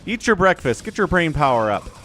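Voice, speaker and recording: A man's voice: fairly high pitch, big pitch swings, fairly quick, a bit bright, a little hiss or hum. An American man giving casual, joking livestream commentary on a strategy game and chatting with viewers. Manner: chatty, joking, reads chat aloud.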